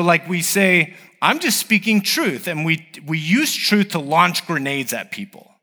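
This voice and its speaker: Guy preaching a sermon, kinda high bright voice, super lively, big hall echo. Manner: conversational, asks rhetorical questions. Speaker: pastor.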